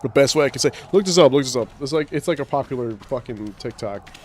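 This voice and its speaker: A man's voice: medium pitch, quick pace, a little mellow. A young man talking casually into a streaming mic while he plays, with a mid-range voice. He tells rambling stories full of swearing and jokes, with a faint hiss in the background. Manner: profane, joking storyteller. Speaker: gaming streamer. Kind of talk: casual livestream chat.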